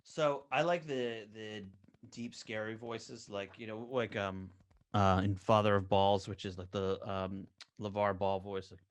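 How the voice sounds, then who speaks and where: A man's voice: fairly low pitch, fairly even intonation, measured pace, clean tone. Podcast guest, man, loose rambling talk, medium voice, lots of fillers and restarts. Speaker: guest, animation co-creator. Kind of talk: casual podcast chat.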